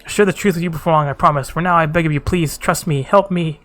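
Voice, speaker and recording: A man's voice: a little high, fast, a bit bright, soft background music, lightly acted. A man reading a wounded, secretive young woman in a game, speaking earnestly and pleadingly.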